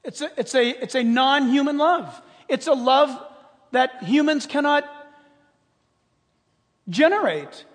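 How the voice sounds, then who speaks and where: A man preaching a sermon as a pastor, animated and conversational, acting out quoted prayers and joking with the congregation. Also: very high-pitched, slow, pauses often, big-room sound.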